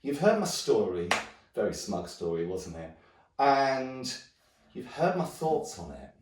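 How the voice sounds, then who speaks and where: A man's voice: mid-range voice, big pitch swings, a little slow, darkish tone. A man, a hand drum teacher thinking aloud in a rambling way with many restarts. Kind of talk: musing talk to camera. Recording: roomy echo, mic at a distance.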